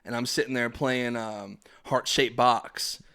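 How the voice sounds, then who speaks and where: A young man tells a family story on a podcast in loose, chatty fashion. He laughs often and jumps into voices for his relatives. His voice sits at an ordinary middle pitch. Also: steady tone, measured pace, vocal fry, sharp tone, smooth. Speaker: podcast host. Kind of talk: casual storytelling chat.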